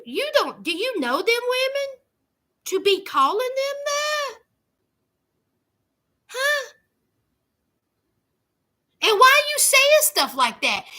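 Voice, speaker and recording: A woman with a very high-pitched, sharp-toned voice hosts a casual livestream. Sassy and emphatic, her commentary goes straight to her viewers, whom she calls "y'all" and "honey."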